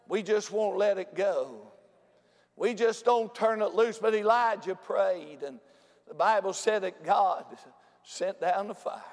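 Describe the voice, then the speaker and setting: A man with a notably high voice delivers a revival sermon. He moves between quiet, close storytelling and sudden shouted bursts. His words trail into a long, echoing reverb that fills a large sanctuary. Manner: swings from hushed storytelling to shouted, high-pitched exclamations. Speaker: preacher.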